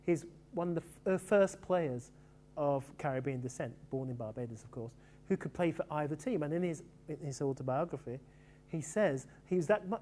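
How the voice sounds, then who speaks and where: A middle-aged man who grew up in England, telling stories about his sporting heroes in a lively, casual way. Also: a little high, a little hiss or hum. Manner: animated, quick storytelling with fond asides. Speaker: author reflecting on cricket. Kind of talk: casual reminiscing talk.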